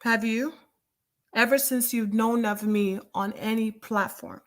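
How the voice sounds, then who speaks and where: A woman's voice: on the high side, fairly even intonation, a little slow, fairly bright tone, a little hiss or hum. A woman calling in to a talk show, earnest and defensive. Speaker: caller. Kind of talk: call-in talk.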